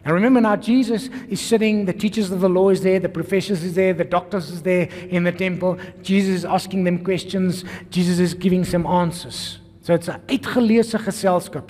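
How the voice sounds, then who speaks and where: A South African man, a pastor, preaching an energetic sermon full of rhetorical questions and calls to the congregation. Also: high voice. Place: church. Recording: long reverb of a church hall.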